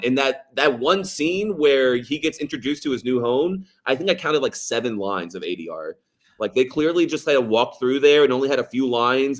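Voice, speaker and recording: A man co-hosting a casual movie podcast, rambling with lots of fillers, swearing and laughing as he talks. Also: medium pitch. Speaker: podcast co-host.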